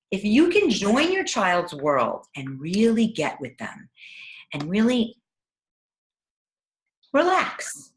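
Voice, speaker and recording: A woman parenting coach giving a teleclass, speaking in a gentle, encouraging way. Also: medium pitch. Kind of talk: teleclass talk. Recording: echoey room.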